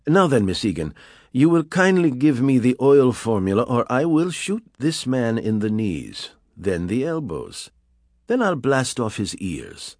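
A man's voice: medium pitch, big pitch swings, a little slow, a little mellow, no room sound, clean studio sound, voice pushed up. A man reading an audiobook, voicing a suave, threatening male villain who gives orders in a raised, clipped voice. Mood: menacing. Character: smooth menacing male villain, commanding.

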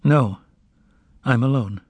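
A man voicing a calm, gentle condemned male preacher who speaks softly and earnestly. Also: mid-range voice, takes it slowly, no echo.

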